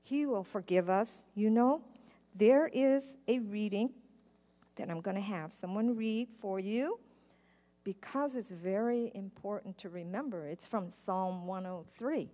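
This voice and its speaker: A woman's voice: mid-range voice, a little slow, dark tone. A woman telling a story to children in church, speaking patiently and asking her listeners questions. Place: church sanctuary. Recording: church live stream with long hall reverb.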